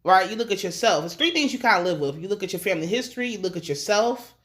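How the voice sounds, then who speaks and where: Animated, foul-mouthed woman recapping a show. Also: mid-range voice, fast talker. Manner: animated, profane and slangy, acting out characters' lines. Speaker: TV episode reviewer. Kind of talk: casual recap commentary.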